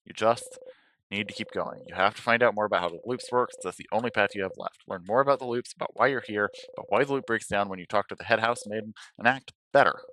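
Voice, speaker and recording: A man streaming a game, reading its narration aloud expressively, swinging from hushed to sudden loud. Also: lowish voice, fast, a little hiss or hum.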